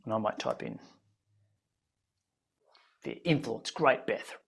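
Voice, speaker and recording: A man's voice: mid-range voice, lively intonation, slow pace, vocal fry, slightly rough. A man hosting a live webinar, energetically prompting his audience with frequent ums. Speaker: webinar host.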